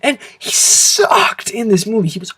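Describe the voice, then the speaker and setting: Excitable man ranting a film review. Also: high-pitched, measured pace, breathy edge, rough recording. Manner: excitable, animated, exaggerated outbursts. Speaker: movie reviewer.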